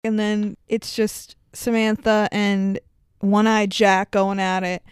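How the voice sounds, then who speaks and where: A woman's voice: mid-range voice, level tone, takes it slowly, clear, resonant tone, dry recording. A woman co-hosting a casual podcast, reacting to a film with frequent laughter and casual swearing. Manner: laughs often, swears casually, acts out quotes. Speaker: podcast co-host. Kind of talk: casual movie recap chat.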